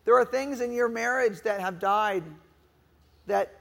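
High-voiced pastor preaching in a reverberant hall. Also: male voice, unhurried, vocal fry, a bit bright. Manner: preaching with call-and-response questions to the congregation; acts out whiny moaning voices for effect. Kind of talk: sermon. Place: church hall.

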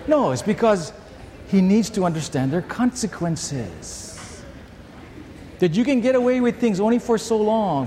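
A man preaching a sermon in a church, telling a personal story in a conversational, emphatic way that swings between loud and hushed. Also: high voice, big-room sound, a little hiss or hum. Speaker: pastor.

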